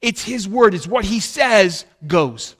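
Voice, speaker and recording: Emphatic preacher man, bright voice. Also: high-pitched, slow pace, husky. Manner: animated, emphatic preaching, swinging from loud to quiet. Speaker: pastor. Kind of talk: sermon.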